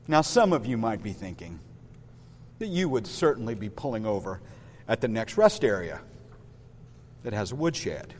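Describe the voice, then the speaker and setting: A man's voice: fairly low pitch, normal speed, long pauses, in a large hall. A man, a pastor, preaching a sermon, telling a story and talking straight to his congregation. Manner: storytelling, lively, addresses listeners directly.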